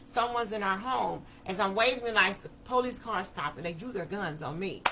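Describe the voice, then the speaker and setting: A woman tells her story in a bright, forceful voice. She talks in an animated way, acting out each quote as she speaks. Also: mid-range voice, a little fast. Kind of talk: personal testimony talk.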